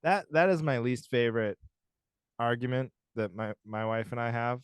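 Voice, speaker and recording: A man's voice: medium pitch, moderate pace, clear, resonant tone, dry recording, clean studio sound. A man co-hosting a podcast, joking in casual chat and mimicking his own arguments. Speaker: podcast co-host.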